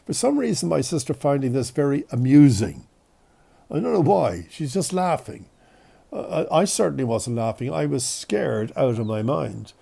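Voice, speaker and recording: Gravelly man with a cold. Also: mid-range voice, normal speed. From Ireland. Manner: chatty, self-deprecating, animated storytelling. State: has a cold. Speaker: podcast host. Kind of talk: casual storytelling.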